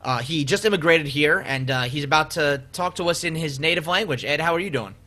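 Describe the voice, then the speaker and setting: A male podcast host who rambles through stories with animated energy and plenty of fillers. His voice is bright and sits a little high for a man. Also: a little fast. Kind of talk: casual comedy podcast chat.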